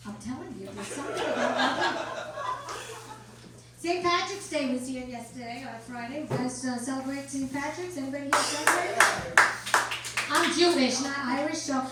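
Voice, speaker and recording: Brash high-voiced woman doing stand-up. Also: normal speed, very noisy. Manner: brash, deadpan punchlines, crude jokes to a crowd. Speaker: stand-up comedian. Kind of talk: stand-up comedy set. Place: comedy club stage. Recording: roomy club sound from a distance with crowd. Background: audience laughter.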